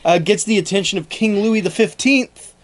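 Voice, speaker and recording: A man's voice: high voice, moderate pace. A young man co-hosting a podcast, narrating a historical story in a breezy, joking way. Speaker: podcast co-host telling the story. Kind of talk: casual comedic storytelling.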